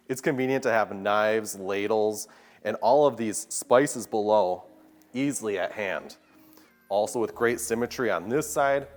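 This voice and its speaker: An upbeat man giving a walkthrough tour of a large kitchen, enthusiastically pointing out its features. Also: fairly low pitch. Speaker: home tour guide. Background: soft background music.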